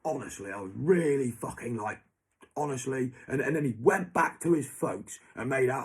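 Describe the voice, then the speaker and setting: A man's voice: medium pitch, big pitch swings, moderate pace, husky. A young man, ranting angrily to someone who is not there. He swears heavily and keeps repeating that person's name. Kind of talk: angry monologue to an absent person.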